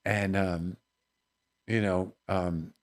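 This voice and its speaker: With a deep voice and drawn-out words, this comedian shares stories as a guest in a podcast studio. He acts out the characters' voices with animation and keeps saying "you know what I mean" during the interview.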